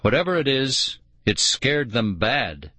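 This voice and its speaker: A man's voice: medium pitch, sing-song, a little slow, bright, forceful tone, husky, no echo, heavily acted. A man voicing a grim, wary sled-dog musher who insists on warnings, in an audiobook. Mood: uneasy. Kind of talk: audiobook character voice.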